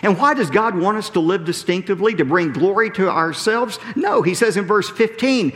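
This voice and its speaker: A man preaching a sermon as a pastor, emphatic, often dropping low and slow on key phrases. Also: fairly bright tone. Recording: preached in a large hall with long reverb.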